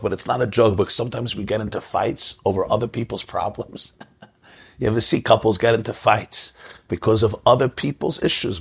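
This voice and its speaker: Gravelly-voiced man telling a teaching story. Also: fairly low pitch. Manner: storytelling, rising to emphasis. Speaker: Jewish religious teacher. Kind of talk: sermon with a told joke.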